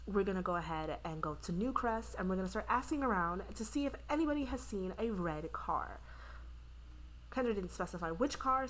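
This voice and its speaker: Woman rambling through a lets play, lots of "like", does little quotes for the characters, faint background hum. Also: lowish voice. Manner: rambling, heavy use of "like" and "you know"; voices the Sims' lines in quick quoted asides. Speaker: gameplay narrator. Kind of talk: casual let's-play storytelling.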